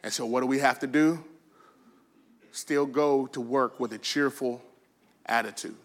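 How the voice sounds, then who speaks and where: A man preaching a sermon, telling stories with lively bursts of shouting and quiet, soft asides. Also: mid-range voice, measured pace. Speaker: pastor.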